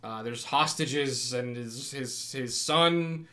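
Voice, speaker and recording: Speaking slowly with a medium-pitched voice, a young man co-hosting a casual podcast spins animated stories, acts out what people said, and breaks into frequent laughter.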